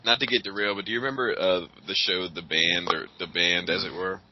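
A man's voice: sits low, fairly even intonation, fast. A man hosting a podcast in casual, profane chat. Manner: profane, laughing. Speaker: podcast host. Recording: muffled lo-fi recording.

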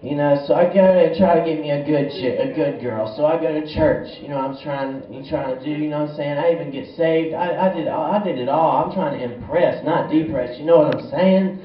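A man's voice: fairly high pitch, a little fast, few pauses. A young man doing a stand-up comedy set in a small club, rambling and profane with a laid-back stoner delivery. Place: small bar or club stage. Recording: echoey room, far from mic, dull lo-fi sound.

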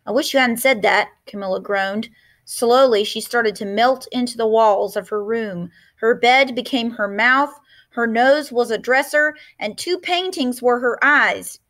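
A woman teacher reading a storybook aloud with lots of expression. Her voice sits fairly high. She pauses often to explain words to her listeners. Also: fairly bright tone.

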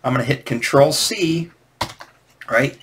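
A man's voice: mid-range voice, measured pace, fairly bright tone, a little hiss or hum. A man teaching comic scripting in a loose, rambling way, with many restarts and hesitations. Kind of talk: casual instructional talk.

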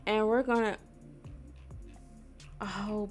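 A young woman from Missouri, chatting casually to viewers while she plays a life-sim game, squealing when something excites her. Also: mid-range voice, moderate pace. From Missouri, USA. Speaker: gaming streamer. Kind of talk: casual gameplay commentary. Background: soft R&B background music.

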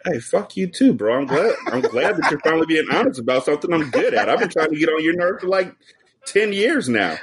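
A man's voice: on the high side, sing-song, a little fast, a little hiss or hum. Man, podcast guest, casual profane chat, joking storyteller, video call.

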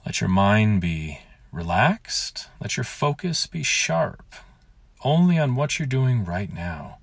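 Brief: male yoga teacher, low voice, dry close sound, calm soothing cues. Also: takes it slowly, gravelly, slightly rough, dry recording. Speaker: yoga instructor. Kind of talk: guided yoga class. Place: outdoors.

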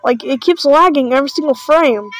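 A woman's voice: sits high, fairly quick, a bit bright, rough recording. A woman doing casual reaction commentary on videos, sarcastic and full of mock panic.

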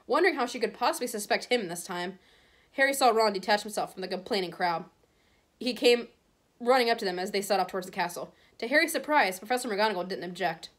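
A woman teacher reads a chapter aloud to her class in a steady storybook voice. Her voice sits at an ordinary middle pitch. She trips over a word now and then and calmly goes back to correct it. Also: quick pace. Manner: steady, with small stumbles and self-corrections. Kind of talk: reading a novel aloud.

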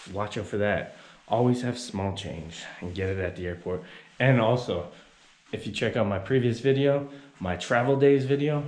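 A man's voice: lowish voice, darkish tone. A man casually vlogging while walking through a city, chatting and giving tips to viewers. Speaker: travel vlogger. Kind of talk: casual travel vlog. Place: outdoors on busy city streets. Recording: noisy outdoor street recording.

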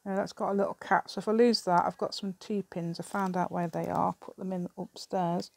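A middle-aged woman with an English accent talks to her table camera while she crafts, her voice sitting slightly low. She rambles and thinks aloud, often breaking into a laugh between thoughts. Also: level tone, normal speed, gravelly, dry recording. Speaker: craft vlogger. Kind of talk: casual chat while crafting.

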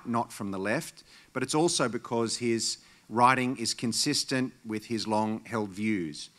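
A man introducing a keynote speaker at a dinner in a measured, earnest formal speech. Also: medium pitch, sharp tone. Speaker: institute director introducing the speaker. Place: large dinner hall.

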